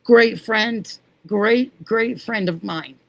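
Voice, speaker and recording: Slow, gravelly-voiced woman livestream host. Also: on the high side, no room sound. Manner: chatty, affectionate, talks to viewers by name. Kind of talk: casual livestream chat reading comments.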